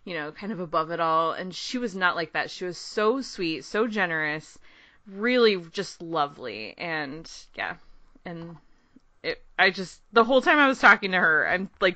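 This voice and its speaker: A woman co-hosting a podcast, telling a long, excited story in casual chat, rambling and laughing often. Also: lowish voice, dry recording. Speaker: podcast co-host.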